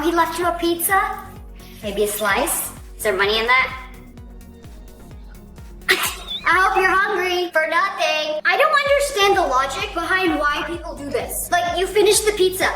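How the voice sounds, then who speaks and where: A woman's voice: extremely high pitch, sharp tone, reverberant. A woman hosting a reaction video, chatting casually with playful sarcasm.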